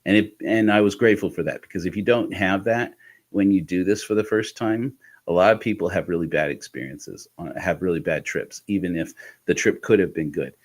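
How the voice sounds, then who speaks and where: A man telling a reflective personal story in a candid, halting way, with restarts and soft laughs. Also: sits low. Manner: candid, intimate. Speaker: host of a personal podcast talk.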